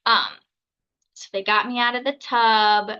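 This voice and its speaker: A U.S. woman in her thirties with a fairly high, steady, clean-toned voice recounts a personal story as a podcast guest, talking a bit slowly, casually, and with many fillers while acting out what others said. The audio sounds dull.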